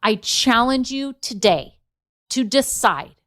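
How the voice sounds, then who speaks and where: A woman's voice: fairly high pitch, animated, slow pace, fairly bright tone. Woman, forties, chatty solo podcast host, storytelling, asks the listener questions, laughs often. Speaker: podcast host and business coach.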